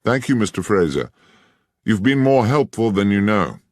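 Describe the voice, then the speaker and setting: A male narrator voicing Sherlock Holmes as a keen, incisive detective who questions in a crisp, measured way. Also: on the low side, big pitch swings, dry recording, clean studio sound, pitched above the performer's own voice. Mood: probing.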